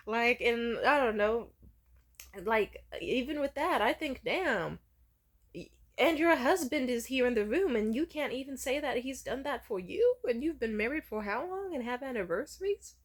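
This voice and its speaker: A woman's voice: fairly high pitch, expressive, normal speed. A young woman telling a personal story candidly in a vlog, swearing freely. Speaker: vlogger.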